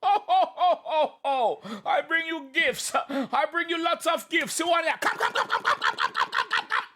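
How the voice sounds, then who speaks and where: Jolly Santa bit, older man, booming and bright, done by a Jamaican reactor. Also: huge pitch swings, exaggerated voice. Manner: laughing, drawn-out calls.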